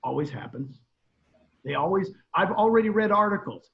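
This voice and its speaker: A man's voice: fairly high pitch, expressive, moderate pace, gravelly. Emphatic middle-aged man on a muffled call. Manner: emphatic, repeats key phrases, storytelling. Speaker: guest real estate trainer. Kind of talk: conversational advice on a video call. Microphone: video call. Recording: muffled video call audio.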